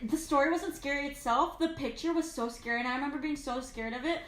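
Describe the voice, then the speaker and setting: A woman's voice: high-pitched, fast talker, fairly bright tone, slight background noise. A young woman co-hosting a casual chat with friends, leading the segment and explaining with laughing asides. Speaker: podcast co-host.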